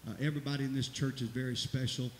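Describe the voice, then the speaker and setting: A man's voice: medium pitch, steady tone, racing. A middle-aged man, a pastor giving rambling, folksy church announcements and exhortation in a church sanctuary. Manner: folksy, rambling, preacherly, rising to loud exclamations. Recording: echoey church hall with hiss.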